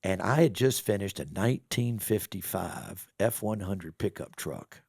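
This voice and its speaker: A middle-aged man telling a story in a casual podcast interview, folksy and animated. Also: deep voice, measured pace, creaky, breathy edge, dry recording, clean studio sound. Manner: folksy, animated storyteller acting out quoted voices. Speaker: business owner and real estate developer.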